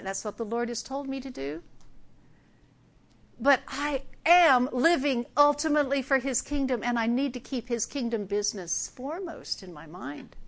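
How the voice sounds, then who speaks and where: An older woman giving a conversational sermon, acting out Bible scenes with humor. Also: high-pitched. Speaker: preacher.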